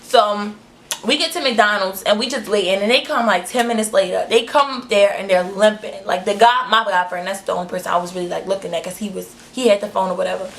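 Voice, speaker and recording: A young woman telling a storytime vlog, animated and profane, acting out quotes in high shrieks. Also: quick pace. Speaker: vlogger.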